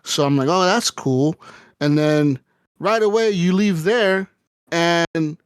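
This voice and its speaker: A man's voice: on the high side, slow, smooth, no echo, studio quality. A man co-hosting a casual podcast, telling a long rambling story full of swearing. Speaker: podcast co-host. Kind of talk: casual chat.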